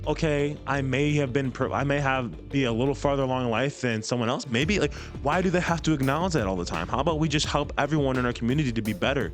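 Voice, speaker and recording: A man's voice: mid-range voice, fast talker, few pauses, soft background music. A man hosting a reaction video who comments on a clip in a casual, conversational way with lots of fillers. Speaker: commentary host.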